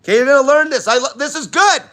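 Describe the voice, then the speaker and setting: A man's voice: very high voice, fast talker, sharp tone. A man hosting a live diet Q&A, talking bluntly and swearing constantly in an emphatic rant. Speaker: diet channel host.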